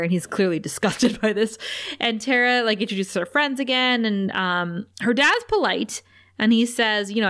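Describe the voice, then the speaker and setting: A woman's voice: fairly high pitch, normal speed, fairly bright tone. Chatty woman recapping with laughs. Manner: laughs often, acts out quotes loosely. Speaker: podcast co-host. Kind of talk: casual chat, recapping an episode.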